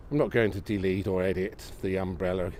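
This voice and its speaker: Walking outside on a snowy, windy night, a man live-streams from an iPhone on a gimbal, chatting with viewers and exclaiming at what he sees. His low voice stays steady at a fairly quick pace, and he's gently enthusiastic, often putting questions to his audience.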